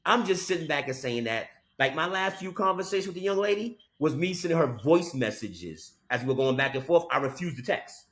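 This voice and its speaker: A man's voice: a little high, expressive, fairly quick, few pauses, fairly bright tone. A man co-hosting a podcast in casual chat, telling a story with emphatic "okay?" asides. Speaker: podcast co-host.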